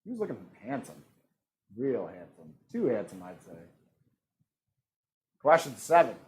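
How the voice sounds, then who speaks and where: A man with a mid-range voice and big pitch swings hosts live-streamed trivia at a measured pace. He reads each question in a joking way and voices the multiple-choice options playfully.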